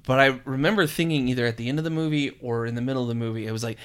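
Animated man chatting about films. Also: mid-range voice, rapid-fire, clean tone. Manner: animated, retells scenes with quoted voices. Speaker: podcast co-host. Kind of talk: casual film discussion.

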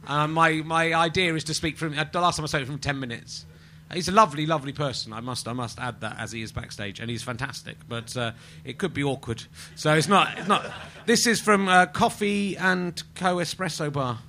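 A man's voice: a little high, a little fast, bright, forceful tone, slight background noise. A man from England hosting a live podcast in front of a small audience, chatting in a rambling, mock-indignant, jokey way. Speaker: podcast host. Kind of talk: live stand-up podcast chat.

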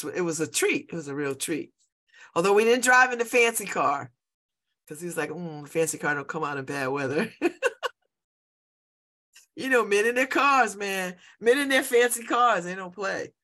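This is a show host in her fifties whose fairly low voice carries a sharp tone. She rambles in casual conversation, frequently laughing and going back over what she's said.

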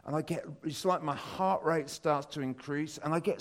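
A British man in his fifties tells a personal story during a church talk. His delivery rambles with frequent fillers and restarts, and his voice lifts with excitement. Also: fairly high pitch, moderate pace, few pauses. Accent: British English. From Britain. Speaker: church speaker.

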